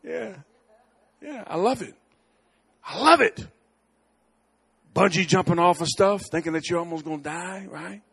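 High-voiced, animated man preaching. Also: measured pace, vocal fry, long pauses, slightly rough. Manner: animated storytelling, swings from loud and bold to quiet asides. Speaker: guest preacher. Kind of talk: sermon. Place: church sanctuary.

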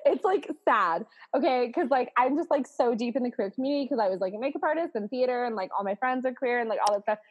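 A woman's voice: fairly high pitch, lively intonation, fast talker, hardly any pauses, highs cut off. A woman hosting a podcast in a casual chat, bubbly and laughing often, swearing freely and saying "like" a lot. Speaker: podcast host.

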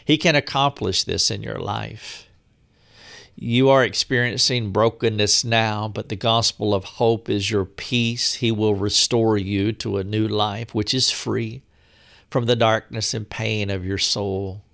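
A male preacher delivers a sermon in a slow, deliberate cadence, leaning on pauses for emphasis. His voice sits somewhat low and carries a gravelly texture. He speaks with unhurried weight. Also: steady tone, fairly bright tone.

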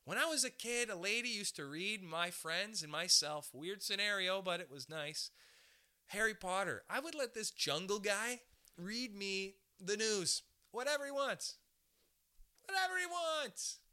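A man's voice: high voice, lively intonation, moderate pace, bright, forceful tone, clean tone. A young man hosting a podcast, rambling through a crude comedic monologue and laughing often. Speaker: podcast host.

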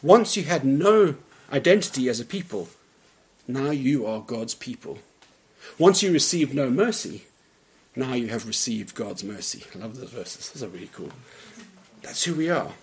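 A man preaching a sermon in a church, earnest and emphatic, often dropping to a quiet voice at the ends of phrases. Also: medium pitch, expressive, moderate pace. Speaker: pastor.

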